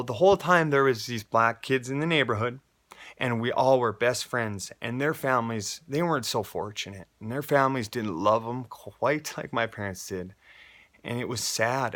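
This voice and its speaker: A man's voice: mid-range voice, fairly bright tone. Earnest rambling Midwestern man. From North Dakota, USA. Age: adult with a child. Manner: rambling, emotional, earnest, jumps between stories. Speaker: believer giving a testimony. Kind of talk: casual heartfelt personal testimony.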